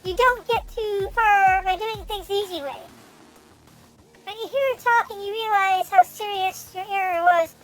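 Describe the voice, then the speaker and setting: A young woman streamer reads a game's text aloud in a very high, girlish voice. She stumbles over words and bursts out in excitement as she comments. Soft music plays faintly underneath. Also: normal speed, rough recording. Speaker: VTuber streamer.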